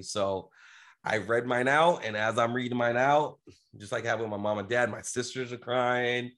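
A man's voice: medium pitch, steady tone, moderate pace, fairly bright tone. Man, middle-aged, podcast guest; earnest casual storyteller, rambling.

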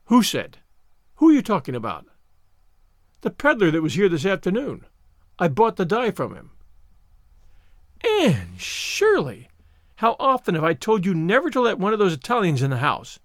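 A sharp, stern older woman who scolds briskly, put on by a man reading aloud. Her voice lifts higher and louder than the reader's own, with a dry, close sound. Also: huge pitch swings, no room sound, full character voice. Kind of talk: audiobook character reading.

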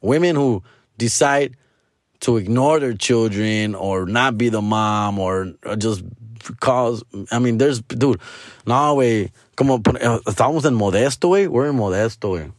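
A man rants casually, peppering his talk with curse words and slang. He sits at a middle pitch for a man. The recording is dry and close. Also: normal speed, no echo. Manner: profane, slangy, mixing Spanish and English. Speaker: vlogger, father. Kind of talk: casual storytelling rant.

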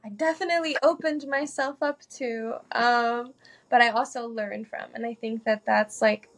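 A woman with a somewhat high voice chats as a podcast guest. She speaks in an earnest, open way, her thoughts tumbling out with lots of "like" in between. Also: fairly even intonation, moderate pace. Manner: earnest and chatty, peppered with "like". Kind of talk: casual conversation.

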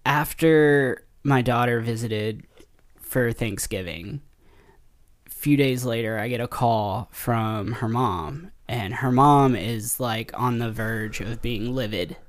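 A man's voice: mid-range voice, takes it slowly. Man in casual podcast chat. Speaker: podcast co-host.

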